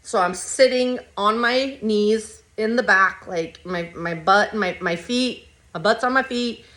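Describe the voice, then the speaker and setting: A woman's voice: mid-range voice, a little slow, a bit bright. A woman hosting a podcast, telling a personal story in a blunt, rambling way full of swearing. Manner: blunt, profane, rambling retelling. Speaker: podcast host.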